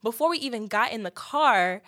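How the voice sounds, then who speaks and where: A young woman vlogger tells a dramatic, profane story in casual storytime style, speaking at normal speed in a slightly high voice. She is animated and slips into shrieking quotes.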